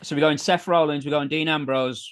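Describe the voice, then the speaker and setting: A man's voice: fairly high pitch, steady tone, brisk, a little hiss or hum. A man co-hosting a casual podcast, teasing his co-host while he asks quiz questions and reels off facts. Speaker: co-host and quizmaster.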